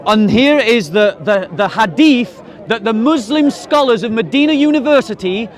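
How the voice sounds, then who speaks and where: A man's voice: extremely high pitch, animated, normal speed. A man debating a crowd outdoors, firing pointed questions and mocking his opponents. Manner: challenging, mocking, pressing questions. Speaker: street debater. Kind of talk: open-air debate. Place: outdoors in a park. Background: crowd of onlookers.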